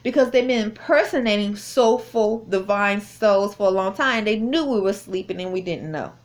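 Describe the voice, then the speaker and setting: A woman's voice: mid-range voice, normal speed. A woman telling a personal story in a casual spoken testimony, rambling with many fillers and restarts, recorded indoors on a phone. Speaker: vlogger recounting a personal experience.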